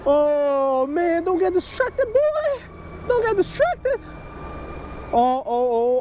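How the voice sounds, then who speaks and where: A man narrating his own fishing vlog outdoors at a creek, excitable, talking to himself and the fish and shouting when he gets excited. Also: very high voice, unhurried, slight background noise. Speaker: fishing vlogger.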